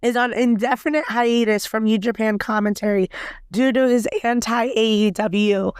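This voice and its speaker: A woman hosting a casual solo podcast, talking bluntly and heatedly with a raspy voice and plenty of swearing. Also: fairly high pitch, steady tone, normal speed, no echo, clean studio sound. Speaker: podcast host.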